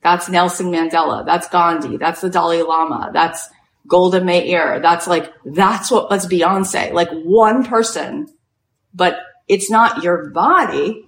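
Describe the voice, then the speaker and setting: A woman hosting a podcast, giving an inspirational talk and telling a story with lots of "like" in her speech. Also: on the low side. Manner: animated storytelling, heavy use of "like". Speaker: podcast host and retreat leader. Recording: echoey room.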